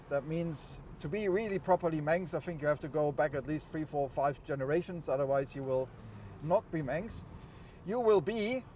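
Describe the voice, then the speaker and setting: A middle-aged man with a light German accent vlogs from the open top of a convertible. He talks in a chatty, explanatory way, and his voice sits a bit high. Faint road and car noise runs under his voice. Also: normal speed, darkish tone. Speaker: vlogger. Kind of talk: casual vlog while driving. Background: road and vehicle noise.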